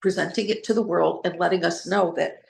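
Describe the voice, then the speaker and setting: Her voice sits lowish, steady and brisk with a creaky edge, as she leads an informal discussion about recovering from trauma. She comes across as earnest but rambling, spelling things out and restarting her sentences, all in an echoing room.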